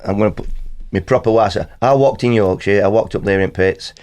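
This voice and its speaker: A man's voice: lowish voice, a little fast, darkish tone. A middle-aged man from Nottinghamshire with a Nottinghamshire accent, chatting on a podcast and telling rambling stories. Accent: Nottinghamshire English. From Nottinghamshire, England. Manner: rambling storyteller, laughs often. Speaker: band guest. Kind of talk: casual podcast chat.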